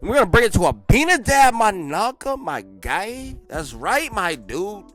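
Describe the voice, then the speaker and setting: A young man reading a history book aloud, breaking in with loud, slangy asides and dropping to quiet mumbled reading. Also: high-pitched, unhurried, faint music behind. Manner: animated slangy asides between read passages. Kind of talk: casual read-along with commentary.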